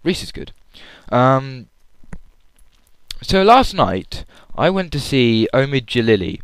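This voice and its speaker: A man's voice: mid-range voice, big pitch swings, takes it slowly, clear, resonant tone, no room sound. A young man from England, rambling casually in an audio log about a comedy show, full of fillers and restarts. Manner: chatty, lots of fillers and restarts. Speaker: vlogger.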